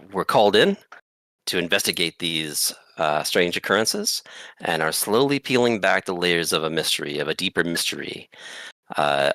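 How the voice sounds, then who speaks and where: Man, game master narration, rambling with pauses, very low pitch, bright tone. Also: no echo. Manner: rambling, many filler pauses.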